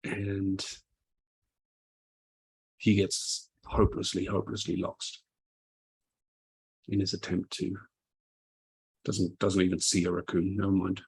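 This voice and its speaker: A man player narrating a flashback in a tabletop game, halting and repeating words. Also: low-pitched, level tone, creaky, slightly rough, rough recording.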